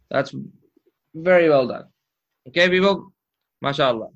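A man's voice: a little high, normal speed, pauses often, a bit bright. A man teaching Arabic grammar in a live lesson, patient and encouraging, drilling terms aloud. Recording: muffled lo-fi audio.

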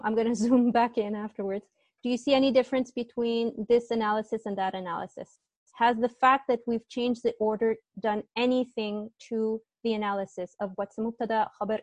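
A woman's voice: a little high, dry recording. A young woman teaching assistant explaining grammar in an online tutorial, hesitant and often apologizing.

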